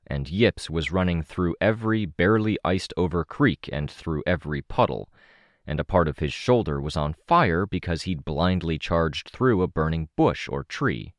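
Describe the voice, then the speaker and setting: A man narrating an audiobook in the first person, in a steady, measured reading. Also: low-pitched, no room sound, clean studio sound.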